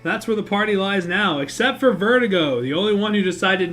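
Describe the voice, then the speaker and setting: A man's voice: high-pitched, lively intonation, brisk, a bit bright, faint music behind. A man acting as game master who recaps and narrates a tabletop game on a stream in a casual, rambling way, swearing freely and correcting himself as he goes.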